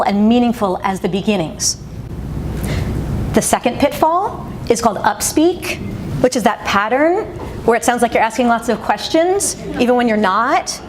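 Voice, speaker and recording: A woman giving an instructional talk as a communication coach, with a clear, demonstrative teaching delivery. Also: on the high side, background noise.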